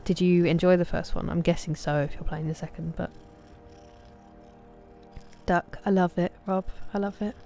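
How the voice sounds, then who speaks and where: A woman with an English accent streaming a game, chatting casually and warmly greeting viewers by name, sometimes dropping to a whisper. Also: on the low side, steady tone, moderate pace, long pauses, a little hiss or hum.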